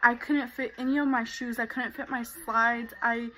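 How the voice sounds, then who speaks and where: A woman's voice: a little high, level tone, moderate pace, a bit bright, low-quality recording. A young woman vlogger telling a personal story in a casual way, full of fillers. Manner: casual, many fillers like "like" and "you know".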